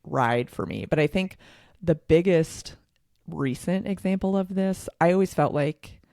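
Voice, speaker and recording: A woman's voice: fairly low pitch, a little slow, gravelly, warm tone, no room sound, studio quality. A woman, co-hosting a podcast in a casual, sarcastic, laughing way. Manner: sarcastic, laughing, filler-heavy. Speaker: podcast co-host.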